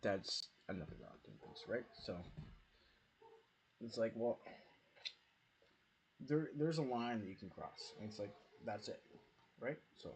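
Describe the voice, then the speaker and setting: A man's voice: medium pitch, lively intonation, slow pace, pauses often, a little mellow. A man streaming a game from home, chatting in a casual, rambling way with lots of fillers and free swearing. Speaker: gaming streamer. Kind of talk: casual rambling chat while playing. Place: at home with dogs nearby.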